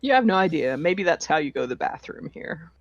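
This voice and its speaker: A game master narrating a tabletop game in a relaxed, hesitant way, with many fillers. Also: mid-range voice, brisk, dry recording. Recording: dull, slightly lo-fi online call audio.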